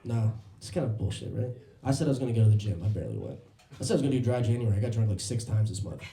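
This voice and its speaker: A man doing a stand-up comedy set, telling animated stories and slipping into voiced impressions. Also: fairly low pitch, rapid-fire, reverberant. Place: comedy club stage.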